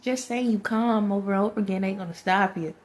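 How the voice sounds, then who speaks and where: A woman's voice: medium pitch, fast talker. A woman, talking to her viewers in a rambling spiritual monologue, laughing often and speaking to presences only she feels.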